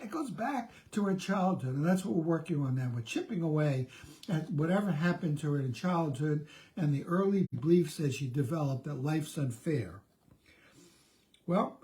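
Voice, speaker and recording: A man's voice: fairly high pitch, a little mellow. A middle-aged man, a therapist, giving a conversational self-help talk, often restarting and repeating words.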